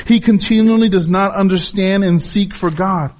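A man's voice: sits high, moderate pace, few pauses, a little mellow. A man, a pastor, preaching a sermon with emphatic repetition and rhetorical questions to his listeners.

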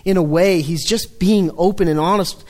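A high-pitched man delivering a sermon. He speaks earnestly, sinking into a low, hushed voice when he reads the psalm's lament. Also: normal speed. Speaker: preacher.

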